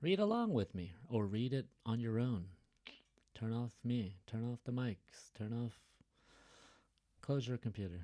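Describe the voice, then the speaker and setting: A man's voice: mid-range voice, lively intonation, unhurried, long pauses, dark tone. A man teaching an online reading lesson, talking casually, stopping often to explain and joke. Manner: chatty, stops to explain and joke.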